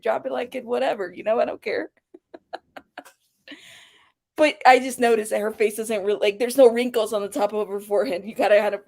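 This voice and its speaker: Blunt, profane woman commentator. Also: a little high. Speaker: commentary channel host. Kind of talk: casual commentary.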